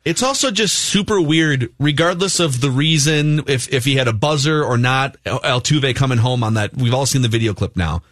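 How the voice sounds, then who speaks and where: Chatty man co-hosting sports radio, with a middle-pitched voice. He talks easily, moving from sports gossip into live ad reads. The studio sound is dry and close. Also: normal speed, few pauses, fairly bright tone, dry recording. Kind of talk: sports talk radio banter.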